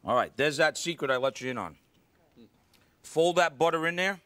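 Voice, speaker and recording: Exuberant high-voiced man hosting a cooking show. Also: animated, moderate pace, fairly bright tone. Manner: exuberant, talks straight to the studio audience. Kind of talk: live cooking demonstration. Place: TV studio kitchen. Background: faint studio audience.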